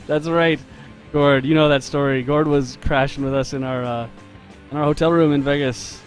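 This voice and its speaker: A man's voice: fairly high pitch, steady tone, unhurried, faint music behind. Easygoing man chatting on a live stream. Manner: chatty, laughing often, loose restarts. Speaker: game developer and artist streaming live. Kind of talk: casual storytelling while drawing on a live stream.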